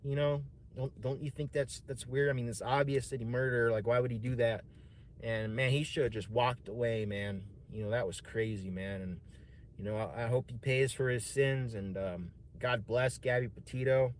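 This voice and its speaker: A man's voice: medium pitch, steady tone, moderate pace, slight background noise. A man streaming, telling a personal story in a casual, rambling way, swearing often and saying "man" and "dude" a lot.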